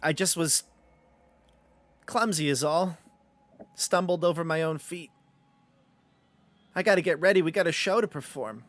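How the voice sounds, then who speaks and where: A man voicing a chatty wooden skeleton marionette tangled in its strings, with a raspy, coaxing way of talking. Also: fairly high pitch, measured pace, long pauses, fairly bright tone, no echo, pitched above the performer's own voice. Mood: breezy.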